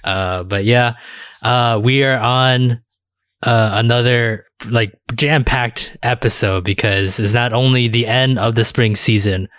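A man hosting a casual podcast roundtable, talking in a relaxed, hesitant way. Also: mid-range voice, a little slow, no echo, studio quality. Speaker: podcast host.

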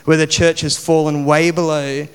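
A man gives a sermon in a loose, chatty way, dropping plenty of fillers as he goes. His voice is slightly high and notably smooth and resonant. It rings out with a long reverb from the hall around him. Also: flat delivery, normal speed. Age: 40s. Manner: conversational, chatty with many fillers. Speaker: preacher.

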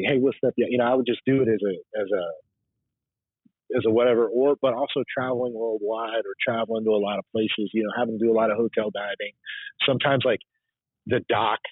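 A man's voice: fairly low pitch, breathy edge, no echo. A man who works as a diver, telling rambling casual stories as a podcast guest, with lots of fillers and restarts. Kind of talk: casual storytelling chat. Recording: tinny phone-like line, dry.

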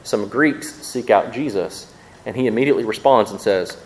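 With a lowish voice, a male pastor gives a sermon in church, chatting with the congregation and quickly repeating words as he works through his thoughts. Poor audio carries slight background noise.

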